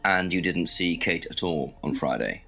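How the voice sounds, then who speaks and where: A man's voice: sits low, expressive, normal speed, gravelly, bright, forceful tone, faint music behind, full character voice. A man playing a campy, theatrical police detective in a live-action game, firing off overacted, pointed questions. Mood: probing.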